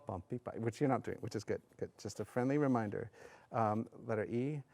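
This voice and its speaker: Man coaching a bassoon section. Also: normal speed, gravelly, darkish tone. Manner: sings phrases aloud, hesitant fillers. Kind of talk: music rehearsal coaching.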